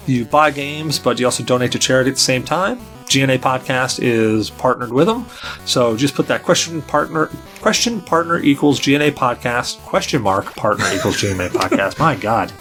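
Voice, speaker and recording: A man hosting a casual podcast, talking in a loose, rambling way full of restarts and fillers. His voice sits at an ordinary middle pitch, and faint music plays under him. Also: animated, a little fast, fairly bright tone. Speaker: podcast host.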